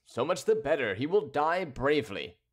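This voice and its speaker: A man voicing a brash young Gascon gentleman with a Gascon accent, blunt and scoffing. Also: on the high side, sing-song, moderate pace, pitched above the performer's own voice. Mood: defiant.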